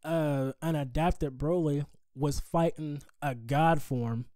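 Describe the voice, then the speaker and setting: A man's voice: fairly high pitch, steady tone, slow pace, dark tone, no echo. A man hosting a podcast, talking things through in a rambling, thoughtful way. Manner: thoughtful, rambling, many fillers. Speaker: podcast host. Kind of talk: casual chat.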